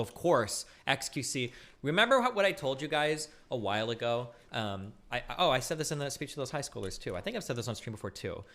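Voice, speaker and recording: Fast-talking animated male streamer. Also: medium pitch. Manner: animated, profane, rapid rants. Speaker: streamer host. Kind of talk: casual live-stream commentary.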